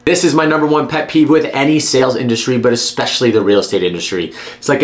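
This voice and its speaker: A man's voice: fairly high pitch, lively intonation, fast, few pauses. A man who works as a real estate agent, talking straight to camera in a blunt, emphatic, persuasive way. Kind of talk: direct-to-camera advice vlog.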